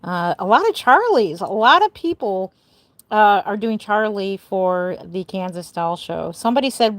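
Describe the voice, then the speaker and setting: A woman's voice: mid-range voice, expressive, unhurried, no echo. An older woman chatting on a live stream as a doll artist, greeting viewers by name with a bubbly, giggly manner. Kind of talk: casual live stream chat.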